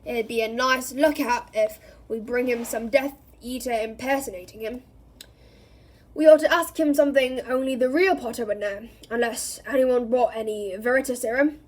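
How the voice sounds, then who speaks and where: Woman reading as a grumpy old wizard, growly and low, barks orders, real suspicious. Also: steady tone, moderate pace, natural voice. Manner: barking and loud, clipped warnings. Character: gruff grizzled old male wizard, suspicious and irritable.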